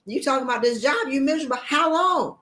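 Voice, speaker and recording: A woman's voice: sits high, expressive, fast, a bit bright, reverberant. A woman leadership coach giving a motivational talk, blunt and emphatic, firing off rhetorical questions in sassy, colloquial speech.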